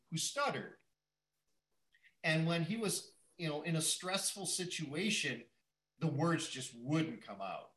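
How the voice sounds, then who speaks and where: Male Bible teacher, slightly higher voice, unhurried, reflective, restarts often; echoey room. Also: sharp tone. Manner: thinking aloud, repeating words as he goes.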